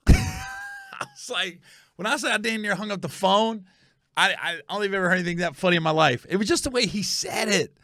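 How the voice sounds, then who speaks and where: Middle-aged guy from ohio hosting a podcast, telling a story, voice bouncing all over, kinda high for a man. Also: fairly quick, no echo, studio quality. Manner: animated, acts out quotes, laughs at own story. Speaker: comedian and podcast host. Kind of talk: casual storytelling.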